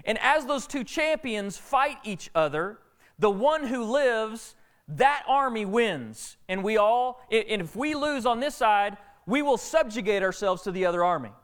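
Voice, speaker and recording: A man preaching a sermon, retelling a Bible story with lively, acted-out dialogue. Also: high voice, a little slow. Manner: animated storytelling preacher, acting out characters' lines. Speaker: pastor.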